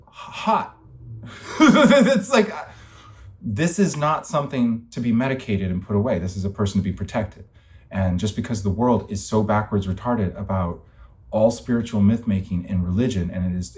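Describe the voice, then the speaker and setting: A young man talks straight to the camera in a rambling, impassioned monologue, his voice sitting somewhat low. He speaks emphatically, drifts from point to point and swears freely as his frustration builds. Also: darkish tone. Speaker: vlogger.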